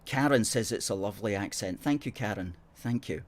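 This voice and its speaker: With a fairly low, brisk voice, a middle-aged live-stream host jokes around casually while going through viewers' comments. He's chatty, playful and pokes fun at himself.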